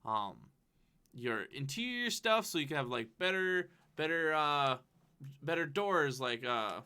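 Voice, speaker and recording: A man's voice: on the high side, big pitch swings, a little slow, bright, forceful tone, clear, resonant tone. A man co-hosting a casual podcast, rambling with lots of fillers and frequent laughs. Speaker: podcast co-host. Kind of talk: casual chat.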